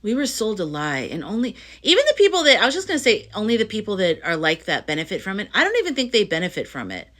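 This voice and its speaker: A woman's voice: medium pitch, wildly swooping pitch, fast, few pauses, a bit bright. A middle-aged woman talking straight to her viewers in a casual spiritual monologue, rambling and earnest, full of restarts and fillers. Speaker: astrology and tarot reader.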